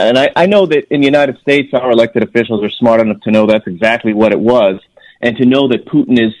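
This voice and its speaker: A man's voice: medium pitch, no room sound, rough recording. Earnest man on a radio call. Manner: earnest, emphatic, many restarts. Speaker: guest, former intelligence officer. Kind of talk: radio interview.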